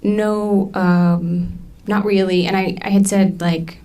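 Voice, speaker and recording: A woman in her thirties testifying in a courtroom, halting and full of ums as she recounts what happened. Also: mid-range voice, flat delivery, warm tone. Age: 30s. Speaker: trial witness.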